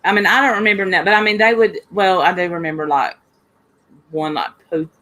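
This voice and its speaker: Adult speaker, mid pitch, halting and unsure, casual chat. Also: steady tone, sharp tone. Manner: hesitant, trailing off. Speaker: chat participant.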